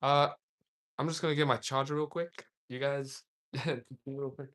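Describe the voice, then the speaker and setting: A man's voice: medium pitch, level tone, measured pace, a bit bright. A young man from Australia, casually chatting on a livestream, rambling and reading viewer comments aloud with frequent laughs. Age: young adult. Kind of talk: casual live-stream chat.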